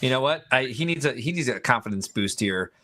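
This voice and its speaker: A man with a bright, forceful voice banters on a podcast, blunt and joking. He reads comments and teases his co-host. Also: mid-range voice, lively intonation, a little fast. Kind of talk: casual chat.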